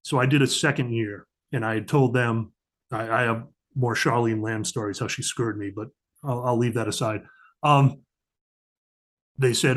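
Man telling war stories, animated. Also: medium pitch, normal speed. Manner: animated storyteller, acts out quoted dialogue. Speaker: podcast guest, diplomatic security agent. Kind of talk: casual storytelling interview.

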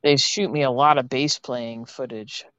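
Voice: medium pitch, steady tone, a little slow, a bit bright, clean tone, no room sound, dull audio. Rambling podcast co-host. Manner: rambling, self-deprecating, full of restarts. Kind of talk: casual chat.

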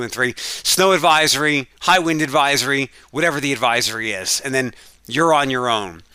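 A man speaks in a rambling, earnest way from his home, often restarting his sentences as he talks to his listeners. His voice is very bright and forward. The sound is dry and close, with almost no room echo. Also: medium pitch. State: isolating at home. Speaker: podcast host. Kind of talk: casual monologue.

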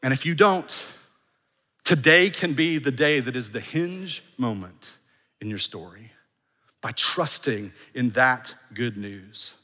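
A man's voice: mid-range voice, animated, takes it slowly, pushed and bright. A man preaching a sermon as pastor, emphatic and building in force, with phrases repeated for weight. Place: church sanctuary. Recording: long hall reverb in a church.

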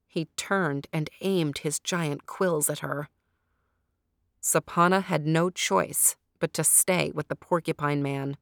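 A woman hosting and narrating a children's story in a slow, deliberate storytelling manner. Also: low-pitched, steady tone, creaky, no echo, studio quality. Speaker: storyteller host.

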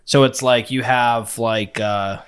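A man's voice: mid-range voice, steady tone, takes it slowly, a bit bright, clean tone. A man who served in the Marines, chatting casually and profanely in a rambling way. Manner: laid-back, profane, rambling. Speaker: former Marine. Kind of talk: casual chat.

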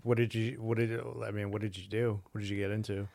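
A man's voice: on the low side, little pitch movement, quick pace, darkish tone, dry recording. A man in a casual podcast chat, hesitant and laughing along with the others. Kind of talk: casual banter.

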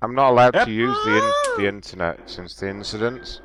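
A man making a prank call, asking absurd questions in a deadpan tone. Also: medium pitch, brisk, heavy background noise. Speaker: prank caller.

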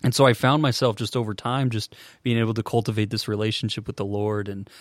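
An earnest young man in his twenties tells his story as a podcast guest. He speaks in a low, flat voice that keeps to a narrow range. He often stops and restarts, and the sound is dry and close. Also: no room sound. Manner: earnest, halting, many restarts. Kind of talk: casual storytelling.

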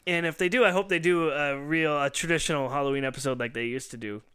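Bright, clear-voiced man retelling a story. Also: fairly high pitch, steady tone, fast. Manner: rambling storyteller who acts out quoted lines, laughs often. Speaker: podcast host. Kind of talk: casual chat.

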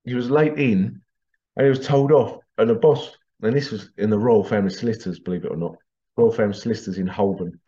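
A man's voice: lowish voice, fast talker, mellow. A middle-aged man chatting straight to his viewers in a loose, rambling way, forever on the edge of laughing at his own stories. The sound is slightly dull and lo-fi. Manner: giggly, keeps breaking into laughter while telling stories. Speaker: vlogger. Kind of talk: casual monologue to camera.

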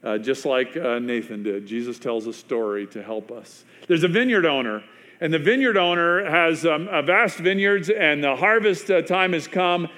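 Storytelling preacher, a man with a higher voice. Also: moderate pace. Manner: conversational storytelling with frequent fillers and restarts; drops to a hushed, quieter voice for emphasis. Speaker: pastor. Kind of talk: sermon.

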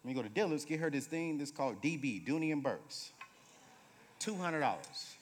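A man in his late thirties, a guest preacher telling humorous stories in a sermon, moving between loud bursts and hushed moments. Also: a little high, animated, moderate pace, a little hiss or hum. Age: 30s. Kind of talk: sermon with storytelling. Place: church sanctuary. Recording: reverberant church hall.

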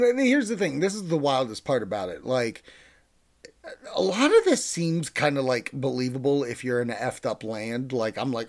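A young man chatting casually about films and TV, rambling and excitable, with swearing, fillers, loud bursts and mumbled asides. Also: mid-range voice. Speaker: pop-culture reviewer. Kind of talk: casual chat.

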